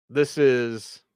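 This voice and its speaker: A man hosting a live postgame sports show, reading viewer comments in excitable, chatty bursts. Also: medium pitch, smooth, no echo, studio quality. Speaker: sports radio host.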